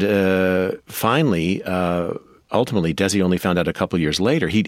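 A man as a guest on a radio interview, telling stories in an animated way. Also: very deep voice, dry recording, studio quality. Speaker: guest author.

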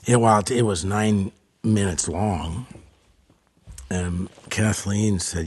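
A man being interviewed as a musician guest, telling stories in a halting, rambling way and trailing off into mumbles. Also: lowish voice, a little mellow, husky.

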